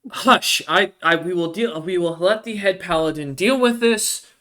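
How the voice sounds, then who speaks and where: A man's voice: high voice, normal speed, a bit bright, voice pushed up. A man putting on a weary, stern woman. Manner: tired, sighing, clipped commands.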